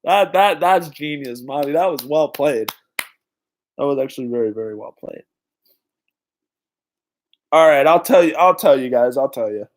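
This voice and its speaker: A young man hosting a live-stream trivia night, excitedly greeting viewers in the chat by name. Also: a little high, normal speed, pauses often. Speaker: livestream host.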